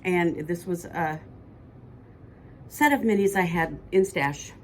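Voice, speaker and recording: A woman's voice: fairly low pitch, takes it slowly, slight background noise. A woman, co-hosting a podcast in casual chat that rambles and corrects itself as she goes. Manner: chatty, rambling, self-correcting. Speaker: podcast co-host.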